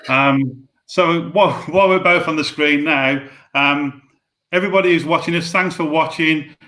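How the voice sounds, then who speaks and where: A man's voice: a little high, normal speed, bright, forceful tone. A man with a Black Country accent, hosting a live stream and making friendly announcements and thank-yous on a video call. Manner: friendly, thanks people at length. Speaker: host.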